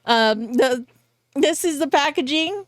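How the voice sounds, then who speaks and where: A woman's voice: high voice, expressive, slow, no room sound, studio quality. A woman vlogger chatting casually through a fragrance haul, giggly and chatty with goofy asides. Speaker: beauty vlogger.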